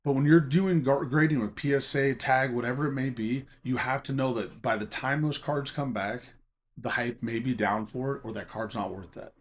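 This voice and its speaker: Speaking at a moderate pace and medium pitch, an adult man who teaches a college class chats to camera about collecting and selling trading cards, Pokémon cards in particular. He is emphatic and talkative, frequently pausing to ask "okay?".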